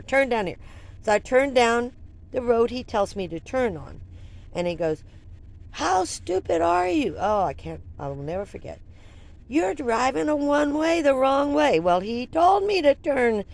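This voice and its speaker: An older woman vlogger telling a personal story in an animated, rambling way, full of restarts and asides. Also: on the low side, a little hiss or hum.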